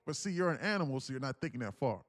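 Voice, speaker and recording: Animated man telling a trading parable. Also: mid-range voice, rapid-fire, no echo, clean studio sound. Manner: animated storytelling, laughs often, many fillers. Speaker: trading streamer. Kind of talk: casual livestream teaching.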